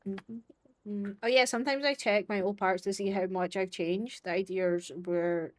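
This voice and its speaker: A woman streaming a game, chatting casually and thinking aloud, with sudden bursts of excitement. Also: medium pitch, normal speed. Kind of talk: casual livestream commentary while playing.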